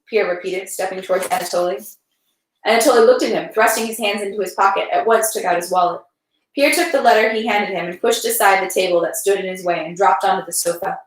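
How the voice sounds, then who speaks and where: A woman's voice: fairly low pitch, fairly even intonation, fast. Woman reading a novel aloud, echoey room. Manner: reads dialogue with shifting tones, occasional slips and restarts. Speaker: reader.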